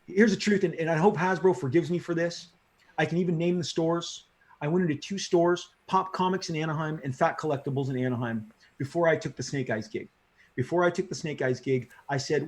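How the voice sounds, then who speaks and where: A middle-aged comic book creator telling stories in a casual interview, excitable, slangy and repeating himself as he gets fired up. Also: a little high, a little fast.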